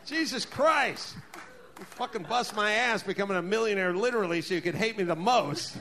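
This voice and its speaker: A man with a high, bright, forceful voice, ranting on a comedy podcast. He is loud and profane, full of exasperation, and often rises to a shout. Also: lively intonation, moderate pace, vocal fry, slight background noise. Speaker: podcast host.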